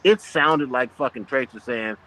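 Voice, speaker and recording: A man's voice: medium pitch, normal speed, a crowd in the background, poor audio. Crude, emphatic man telling a story. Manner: crude, emphatic storyteller, draws out words for effect. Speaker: podcast co-host. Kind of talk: casual gaming podcast chat.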